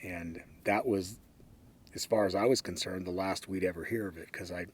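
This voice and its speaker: An older man telling anecdotes in a relaxed, wry way, with frequent ums and uhs. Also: sits low, moderate pace, slightly rough. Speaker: interviewee. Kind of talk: casual anecdotal storytelling.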